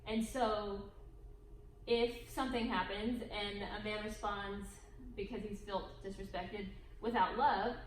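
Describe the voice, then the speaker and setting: A wife co-leading a church marriage workshop, explaining in a measured way. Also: female voice, mid-range voice, steady tone. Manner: measured, explanatory, with light laughs. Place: church hall. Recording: echoey room with faint noise.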